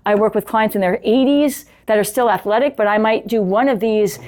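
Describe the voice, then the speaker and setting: A woman's voice: mid-range voice, a little fast, darkish tone. A middle-aged woman fitness coach explaining workout intensity in a casual, chatty way while demonstrating on an exercise bike, often checking in with the viewer.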